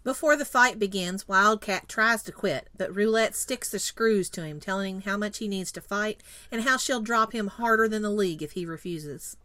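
A woman's voice: medium pitch, normal speed, few pauses, bright, forceful tone, dry recording. A woman co-hosting a podcast, introducing a guest playfully and reading an episode plot summary. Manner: teasing, playful. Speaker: podcast co-host. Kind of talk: casual chat and scripted episode recap.

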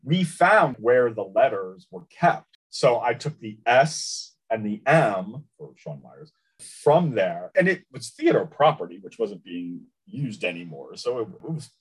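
A man's voice: mid-range voice, a little slow, breathy edge, rough recording. A man co-hosting a podcast, chatting casually about comics and telling stories with a laugh now and then. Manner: chatty, animated storytelling with laughs. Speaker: podcast co-host.

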